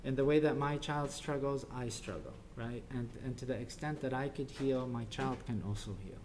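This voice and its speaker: Man, church talk on parenting, halting with ums and restarts, mid-pitched, faint hiss behind. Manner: halting, many ums and restarts, acts out quotes softly. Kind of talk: informal talk to an audience.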